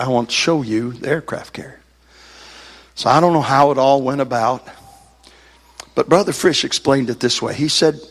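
A man preaching a sermon in church, telling a folksy story and building to shouted fervor. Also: mid-range voice. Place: church service.

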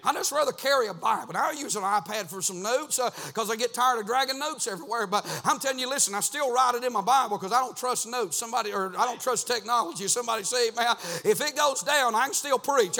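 Preacher, man, high and bright, sing-song delivery rising to shouts. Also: quick pace, vocal fry, hardly any pauses. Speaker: pastor. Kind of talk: sermon. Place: church sanctuary.

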